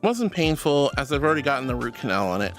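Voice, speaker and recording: Bubbly woman streamer with lively pitch. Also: quick pace, faint music behind. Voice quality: squeaky laugh. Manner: bubbly, affectionate, calls viewers sweetheart and darling. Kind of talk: live-stream chat reading.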